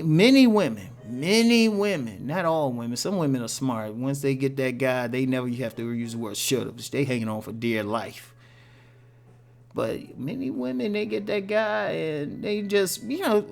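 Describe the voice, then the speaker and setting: A man hosting a casual relationship-advice monologue for women, talking bluntly with tough love and jokes. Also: medium pitch.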